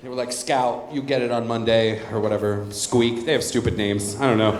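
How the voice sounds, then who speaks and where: A man in his thirties doing a stand-up comedy set on a club stage with a handheld mic, telling stories in a deadpan way with crude asides. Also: mid-range voice, fairly quick, hardly any pauses. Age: 30s. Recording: roomy club sound with faint crowd noise. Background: audience laughter.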